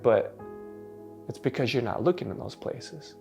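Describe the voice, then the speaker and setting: A pastor preaching a sermon, rising to emphatic peaks and dropping soft, with many repeated, stammered starts. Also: male voice, medium pitch, lively intonation, normal speed, gravelly, pauses often, faint music behind. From United States.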